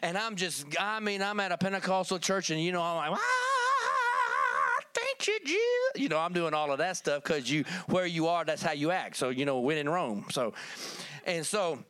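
A man's voice: on the high side, a little fast, a bit bright, clear, resonant tone, dry recording. A man from Kentucky telling a folksy testimony in a sermon, calling on the church for amens. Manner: folksy storytelling, calls for amen. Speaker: preacher.

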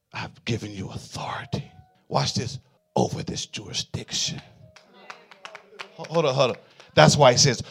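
A male pastor preaching a sermon in a call-and-response style, swinging from quiet murmurs to fervent shouts. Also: medium pitch, gravelly, husky.

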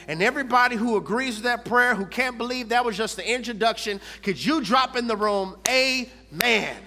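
A man preaching a sermon. He moves between hushed, whispered lows and loud, almost sung peaks. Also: normal speed, few pauses, soft background music. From Houston, Texas. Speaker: pastor. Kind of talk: sermon with prayer.

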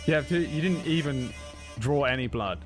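A man's voice: mid-range voice, normal speed. A man narrating a tabletop game as game master, casual and chatty. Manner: casual, laughs often, filler words. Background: background music.

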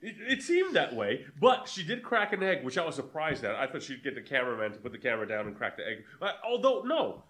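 A man's voice: medium pitch, wildly swooping pitch, quick pace, hardly any pauses, fairly bright tone. A man co-hosting a casual podcast, telling a story with lots of swearing and laughter. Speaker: podcast co-host. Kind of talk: casual chat.

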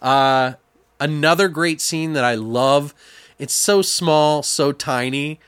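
A young man chatting casually about a movie, acting out scenes in squeaky voices and swearing a lot. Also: takes it slowly, smooth, dry recording. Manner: animated storyteller, acts out characters in high voices, swears a lot. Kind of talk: casual chat reviewing a movie.

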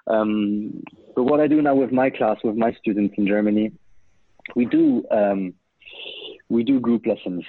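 A man answers interview questions, hesitant and thoughtful, restarting his sentences. His voice is a little husky. It comes through a narrow, phone-like line with no room sound. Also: lowish voice, unhurried, long pauses, dry recording. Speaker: guest oboist and teacher. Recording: muffled phone-like line, dry.

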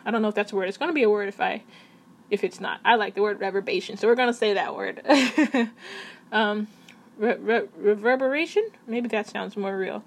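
A woman's voice: medium pitch, fairly even intonation, fairly quick. A woman talking casually to camera at her computer, chatty and rambling, often correcting herself. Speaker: vlogger.

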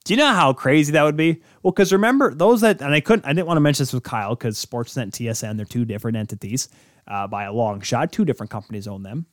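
A man's voice: medium pitch, lively intonation, fast talker, no echo, clean studio sound. A man hosting a sports podcast, talking casually on his own in a rambling, joking way and correcting himself as he goes. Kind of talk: casual solo sports talk.

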